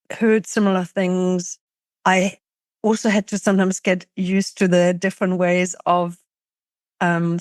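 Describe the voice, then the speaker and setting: A woman's voice: mid-range voice, no room sound, clean studio sound. A middle-aged woman from Germany, a journalist guest speaking earnestly and thoughtfully in a podcast interview, often restarting her sentences.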